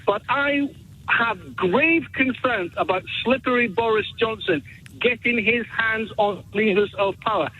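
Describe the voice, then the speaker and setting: A man's voice: sits high, measured pace, breathy edge. A male caller on a radio phone-in, formally polite but indignant and emphatic. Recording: tinny phone line.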